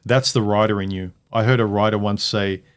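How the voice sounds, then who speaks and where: A man's voice: on the low side, steady tone, brisk, clear, resonant tone. A man hosting a casual livestream chat from home, blunt and opinionated, hammering his points home. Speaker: livestream host.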